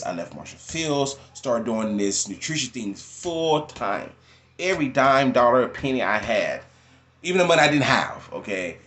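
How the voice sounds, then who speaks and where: A young man telling his life story in unscripted personal testimony, informal and repetitive, laughing often and jumping up in pitch when he quotes other people. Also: a bit bright.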